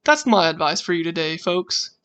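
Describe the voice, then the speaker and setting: A man's voice: fairly high pitch, expressive, moderate pace, a bit bright, clean tone. A man co-hosting a podcast, joking crudely and making mock announcements to the audience. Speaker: podcast co-host. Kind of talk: casual chat.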